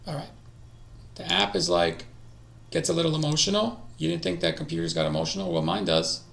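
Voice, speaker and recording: Male streamer, casual self-talk, rough fry in the voice, roomy echo. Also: fairly high pitch, big pitch swings, brisk. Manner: talks to himself, drifting into quiet mutters. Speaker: streamer learning languages. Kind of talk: casual live-stream study session. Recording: echoey room.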